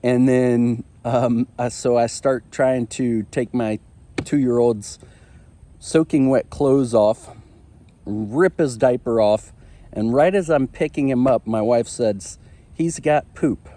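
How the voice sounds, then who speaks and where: A man's voice: medium pitch, takes it slowly, warm tone. A man in his thirties hosting a marriage show, telling a personal story in a candid, confessional way with frequent ums and uhs. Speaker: marriage podcast host.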